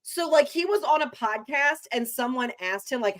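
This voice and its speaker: Chatty woman with a slightly high voice. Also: lively intonation, moderate pace, few pauses. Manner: chatty, emphatic, full of fillers. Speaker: podcast co-host. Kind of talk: casual chat.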